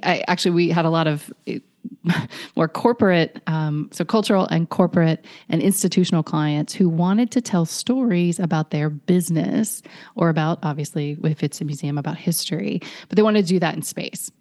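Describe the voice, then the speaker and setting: Lower-voiced chatty woman podcast guest. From North Carolina, US. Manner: chatty, with frequent "like" and "you know" and soft laughs. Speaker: podcast guest, brand story consultant. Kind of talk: casual conversational interview.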